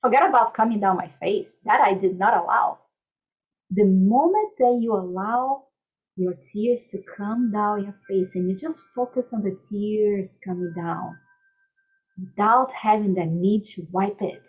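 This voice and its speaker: A woman life coach speaking gently and soothingly in a podcast interview, softly repeating calming mantras. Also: medium pitch, a little slow, lo-fi sound.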